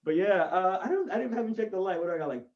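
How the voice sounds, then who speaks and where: A man's voice: sits high, expressive, racing, recorded from a distance. Rambling male stand-up comic over lo-fi audio. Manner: rambling, chatty, self-deprecating asides. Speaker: stand-up comedian. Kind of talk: stand-up set for an online show. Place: at home.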